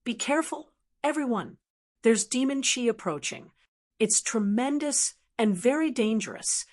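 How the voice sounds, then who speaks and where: A woman's voice: fairly high pitch, lively intonation, a little slow, darkish tone, pitched above the performer's own voice. A woman reading the urgent warning of a young female cultivator in an audiobook.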